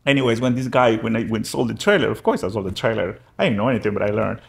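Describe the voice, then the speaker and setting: Creaky-voiced immigrant businessman telling stories. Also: steady tone, fast. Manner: acts out quoted dialogue with sudden pitch jumps, frequent restarts. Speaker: real estate agent and business owner. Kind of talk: casual interview storytelling.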